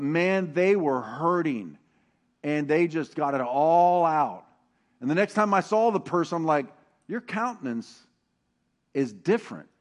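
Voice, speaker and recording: A middle-aged man preaching a sermon with animated swings from loud emphasis to hushed, intimate tones. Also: a little high. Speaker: pastor.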